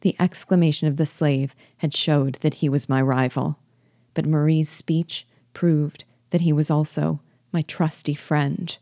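Woman, novel reading, measured and steady, low pitch, dry close sound. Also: no echo. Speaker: reader of a classic novel. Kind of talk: scripted narration of a novel.

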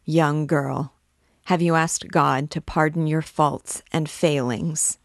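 A woman's voice: low voice, fairly even intonation, takes it slowly, gravelly, dry recording, clean studio sound, exaggerated voice. A woman reading the lines of a jealous, scheming middle-aged archdeacon, menacing and solemn.

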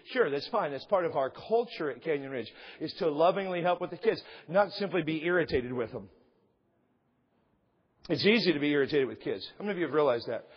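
A man preaching a sermon as pastor, impassioned and rising in emphasis, with a voice that is wearing out and husky. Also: fairly high pitch, in a large hall, highs cut off. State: losing his voice. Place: church sanctuary.

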